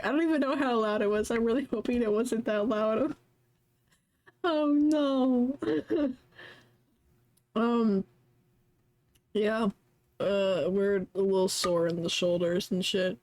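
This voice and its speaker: A woman's voice: mid-range voice, a little mellow. A young woman streaming a story game live, chatting casually, giggling, swearing freely and reading the story text aloud.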